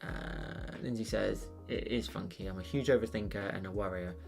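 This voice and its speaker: A British man with a low, fry-edged voice talks through a casual drawing live stream. He wanders from thought to thought with plenty of "like"s and false starts, often laughing at himself. Soft music plays faintly underneath. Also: normal speed. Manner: rambling, with many fillers and restarts. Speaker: art channel host.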